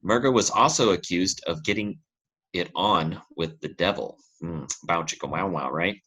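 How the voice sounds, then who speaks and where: A man's voice: deep voice, moderate pace, sharp tone, breathy edge, low-quality recording. A man hosting a podcast, telling a history story in a jokey, casual way and laughing often between lines. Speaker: podcast host.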